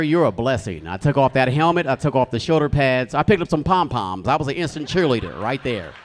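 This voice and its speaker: A young man from the United States performing a stand-up comedy set in a club, telling stories loudly and shouting his acted quotes. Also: medium pitch. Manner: animated, loud storytelling with shouted acted quotes. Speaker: stand-up comic. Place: comedy club stage with a live audience.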